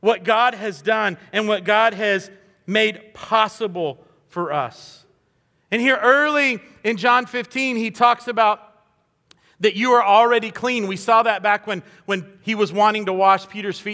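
A man's voice: high voice, normal speed, pushed and bright, long reverb tail. A man preaching a sermon in an earnest, conversational way, acting out little quoted voices as he goes. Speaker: pastor.

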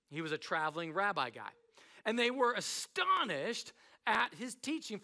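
Animated high-voiced man preaching. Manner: conversational, animated, acts out voices. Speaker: pastor. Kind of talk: sermon.

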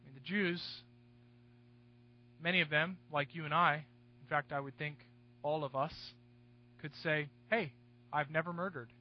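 A man preaching an expository sermon to his congregation, stressing key words loudly and then dropping into hushed asides. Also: a little high, fairly even intonation, a little slow, long pauses. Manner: emphatic, swinging between loud stresses and hushed asides. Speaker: pastor. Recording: dull, dry, slightly lo-fi recording.

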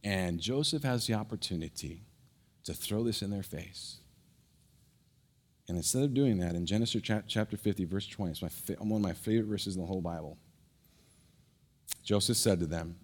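A man preaching a sermon brings a story to life with animated energy. He then turns soft and low to press his point, often stumbling briefly and starting over.

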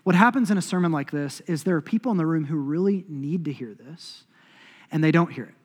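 A male pastor preaching a sermon in a church, talking conversationally and voicing inner thoughts, then building to loud, emphatic passages. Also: fairly high pitch, fairly quick, breathy edge, long reverb tail. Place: church sanctuary.

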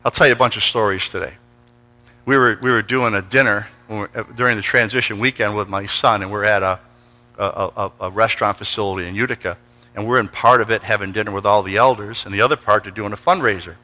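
A man's voice: on the low side, fast, bright, forceful tone, low-quality recording. A middle-aged man preaching a storytelling sermon in a church, energetically calling out to the congregation for responses. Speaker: pastor. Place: church sanctuary before a congregation.

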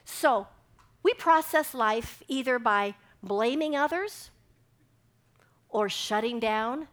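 A woman's voice: fairly high pitch, takes it slowly, a bit bright. A middle-aged woman giving a sermon, telling a personal story and acting out the dialogue with animation. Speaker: speaker giving a devotional talk.

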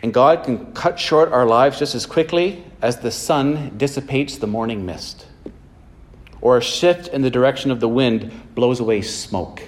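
A man's voice: mid-range voice, unhurried. A man preaching a sermon in a church, mixing plain storytelling with earnest, emphatic points. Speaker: pastor.

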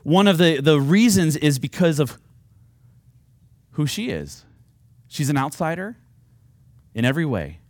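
Lively, earnest male preacher. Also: fairly high pitch, unhurried, pauses often, no room sound. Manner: earnest, rising to fervent appeals. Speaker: pastor. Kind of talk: sermon.

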